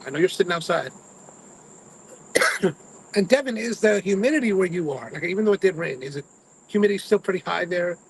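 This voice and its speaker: Animated man chatting, rambling stories. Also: high voice, a little fast, pauses often, a little hiss or hum, poor audio. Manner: rambling storyteller, mimics his own grumbling. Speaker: cigar review host. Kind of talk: casual chat to live viewers.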